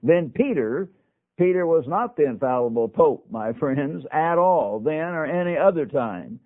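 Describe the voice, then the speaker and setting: A man's voice: fairly high pitch, expressive, unhurried, narrow, tinny audio. Emphatic male radio preacher, phone-thin sound. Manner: emphatic, with folksy asides to listeners. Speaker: radio Bible teacher. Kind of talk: broadcast sermon on scripture.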